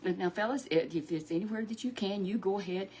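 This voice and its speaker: A woman's voice: mid-range voice, fairly quick, darkish tone, a little hiss or hum, lightly acted. A woman voicing a stern, proud old king. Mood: commanding. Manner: bossy, commanding. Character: stern ancient male king, proud and angry.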